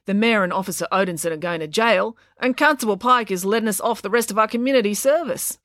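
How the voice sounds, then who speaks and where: A woman's voice: mid-range voice, fast talker, fairly bright tone, no echo, clean studio sound, voice pushed up, close to an everyday voice. A woman reading an audiobook voices an eager, earnest young boy.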